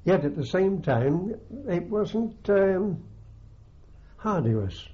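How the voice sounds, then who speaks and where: An older man with a halting, unhurried way of talking, full of ums and restarts, recalling his army days in an oral history interview. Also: sits high, sing-song. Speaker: veteran interviewee. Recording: dull lo-fi archive tape.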